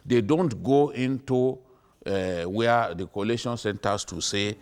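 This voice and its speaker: A man's voice: mid-range voice, animated, unhurried, a little mellow. A middle-aged man with a Nigerian accent, arguing emphatically and repeating his points on a TV studio panel. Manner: emphatic, repetitive, lecturing.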